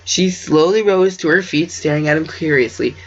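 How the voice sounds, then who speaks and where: A man with a voice on the high side reads his own story at normal speed, an amateur who fumbles words and keeps veering into jokey asides. The recording is dull and lo-fi.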